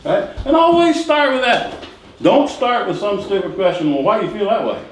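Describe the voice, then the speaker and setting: A man's voice: sits high, expressive. Middle-aged man teaching in an echoey classroom. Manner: drills phrases by repetition, quizzes the class with quick questions. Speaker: real estate sales instructor. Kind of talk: classroom training lecture. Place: training classroom. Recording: echoey room with faint noise.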